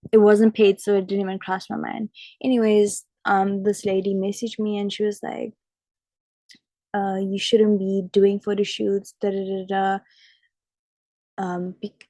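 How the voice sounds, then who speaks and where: A young woman chats to camera in a relaxed storytelling vlog, peppering her talk with "like". Her voice is soft and mellow, with a gravelly fry at the ends of phrases. The sound is dry and close. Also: medium pitch, no echo. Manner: chatty, frequent "like" fillers. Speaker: vlogger and model. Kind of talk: casual storytelling chat.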